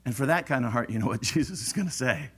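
A middle-aged man preaching a sermon, animated and acting out the voices of churchgoers. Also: medium pitch, fast, breathy edge.

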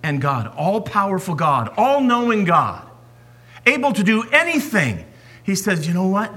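A man preaching a sermon as a pastor, swinging from forceful emphasis down to hushed whispers. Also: high-pitched, huge pitch swings, unhurried, husky.

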